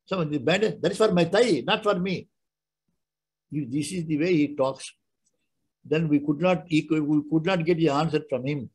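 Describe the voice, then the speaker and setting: A man's voice: on the high side, a little mellow, slightly rough, rough recording. Older man telling devotional stories. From India. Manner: halting, repeats words and restarts, acts out dialogue. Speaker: spiritual speaker. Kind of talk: devotional talk with anecdotes.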